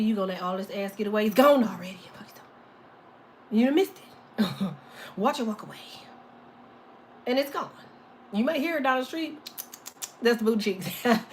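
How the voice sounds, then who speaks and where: On a casual live stream, a woman with a high voice reads tarot, sassy and playful, laughing a lot and putting on silly voices for imagined people. There's slight background noise.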